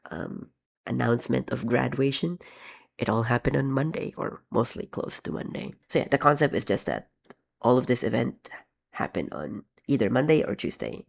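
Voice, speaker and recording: A man's voice: medium pitch, creaky. A man casually talking through how he made his animations, rambling with many ums and restarts and poking fun at himself. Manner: rambling, self-deprecating, frequent ums and restarts. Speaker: animator vlogger. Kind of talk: casual behind-the-scenes commentary.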